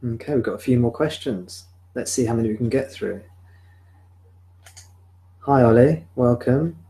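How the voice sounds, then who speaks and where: A man, a spiritual teacher, speaking calmly and reflectively at a live-streamed home satsang into a sensitive desk microphone. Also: medium pitch, low-quality recording. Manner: calm, reflective, answers viewer questions slowly. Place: home room.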